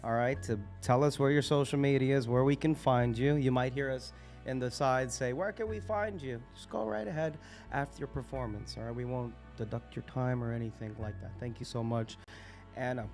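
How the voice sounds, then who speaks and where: A man's voice: mid-range voice, brisk, darkish tone, faint music behind. A man hosting a live open mic night, casual and hyped, swearing freely between acts. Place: live cafe event.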